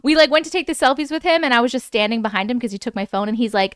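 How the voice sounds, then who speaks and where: A young woman hosting a casual live-stream chat, excited and chatty, swearing now and then. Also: on the high side, rapid-fire, hardly any pauses, clean tone, no room sound, clean studio sound. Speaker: host.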